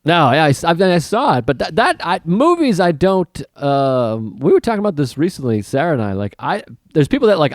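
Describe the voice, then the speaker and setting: A man's voice: on the high side, very animated, a little fast, hardly any pauses, no echo, studio quality. A man in casual podcast banter, crude and swearing, joking freely.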